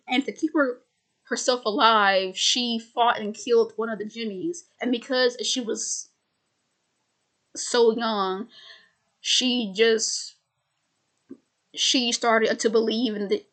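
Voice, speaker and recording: A woman who stutters, repeating words and restarting sentences as she casually explains a film's plot. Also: a little high. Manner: loose and chatty, heavy use of "like". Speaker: video host recapping a film.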